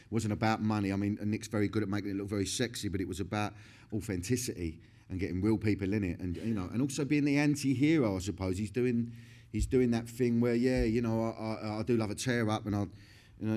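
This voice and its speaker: A man's voice: fairly low pitch, dark tone. A middle-aged man, talking in a candid stage interview, swearing constantly, laughing often and restarting his sentences. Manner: profane, laughing, rambling with many restarts.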